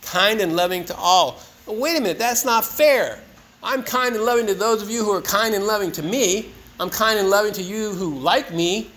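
A man's voice: high voice, a bit bright, rough recording. A man telling his own recovery story at a meeting, casual, earnest, and joking. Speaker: speaker sharing at a recovery meeting. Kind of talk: personal recovery share.

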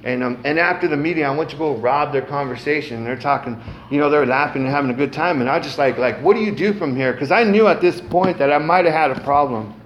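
A man's voice: on the high side, fast talker, a little hiss or hum. A middle-aged man giving a casual, salty personal testimony at a recovery meeting, peppered with "man" and "um". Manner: casual, frequent "man" and "um", cusses freely.

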